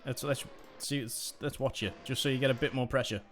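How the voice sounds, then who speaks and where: A man's voice: medium pitch, fairly even intonation, a little fast, a little hiss or hum. Chatty male sim-racing commentator. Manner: chatty, rambling, self-deprecating. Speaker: host commentator. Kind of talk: live esports commentary.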